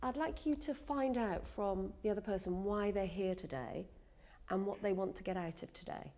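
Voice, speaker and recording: Coach leading a workshop. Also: female voice, medium pitch, moderate pace, a little mellow. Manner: chatty, self-deprecating, demonstrates sounds. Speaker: accent coach. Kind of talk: workshop teaching.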